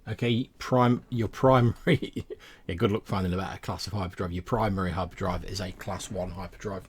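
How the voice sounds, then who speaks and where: A man's voice: low-pitched, steady tone, fairly quick, husky. A man narrating a tabletop game as game master, rambling with lots of fillers and restarts.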